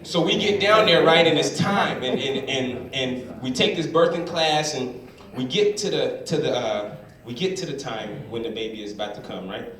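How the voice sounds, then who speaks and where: A man's voice: mid-range voice, normal speed. A man telling stand-up stories and acting out the voices of the people in them. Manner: animated storytelling, acts out voices. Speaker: stand-up comedian. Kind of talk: stand-up comedy. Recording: roomy hall from a distance, loud crowd.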